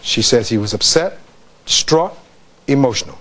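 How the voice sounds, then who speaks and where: A man's voice: medium pitch, lively intonation, normal speed, a bit bright. Man arguing a case before a jury. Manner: reads testimony aloud, rhetorical questions to the jury. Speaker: defense attorney. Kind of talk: closing argument to a jury. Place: courtroom.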